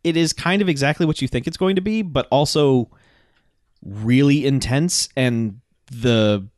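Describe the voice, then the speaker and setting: Podcast co-host, male, mid-pitched, rambling and profane, dry close mic. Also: measured pace, darkish tone, dry recording. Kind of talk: casual movie review chat.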